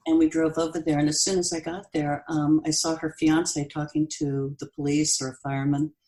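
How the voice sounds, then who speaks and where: A woman in her sixties, a podcast guest telling a personal story in an earnest, halting way with pauses and restarts. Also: sits low, level tone, mellow, low-quality recording. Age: 60s. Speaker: podcast guest, bereaved mother.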